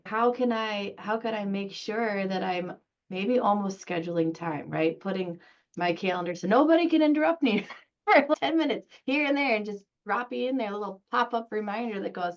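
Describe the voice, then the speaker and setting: A woman's voice: medium pitch, normal speed, lo-fi sound. A woman taking part in a workshop, thinking aloud as she asks the speaker a question. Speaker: workshop participant.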